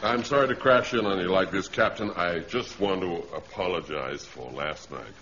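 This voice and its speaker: A brash American colonel. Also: male voice, low voice, normal speed, a bit bright, a little hiss or hum. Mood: friendly apologetic. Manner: breezy, blunt. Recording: dull archive radio recording.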